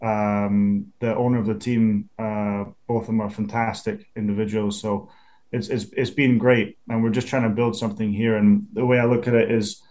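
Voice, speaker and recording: A man's voice: on the low side, flat delivery, moderate pace, darkish tone. A man in his twenties with a Scottish accent, a football punter talking casually as an interview guest and often restarting his sentences. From Scotland. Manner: easygoing, restarts a lot, chuckles.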